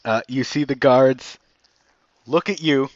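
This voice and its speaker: A man narrating as game master of a tabletop game in a casual, halting way. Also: mid-range voice, highs cut off.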